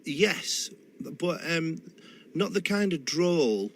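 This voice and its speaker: A man's voice: on the high side, very animated, drawn-out words, slight background noise. A man with a Manchester accent, a radio interview guest telling family stories thoughtfully, with hesitant restarts. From Manchester, England. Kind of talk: reflective storytelling in a radio interview.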